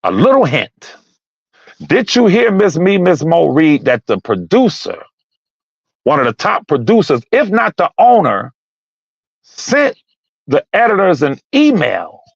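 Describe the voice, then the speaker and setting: A man's voice: a little high, creaky, a bit bright, dry recording, muffled recording. A man calling into a live talk stream, arguing his point with heat, repeating himself and raising his voice. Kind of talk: heated casual debate.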